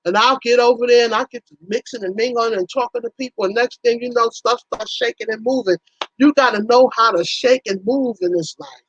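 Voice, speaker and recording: A chatty woman with a high voice hosts a casual livestream, greeting her viewers warmly and acting out everyday conversations. The sound is dry and a little muffled. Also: brisk, no echo. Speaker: livestream host.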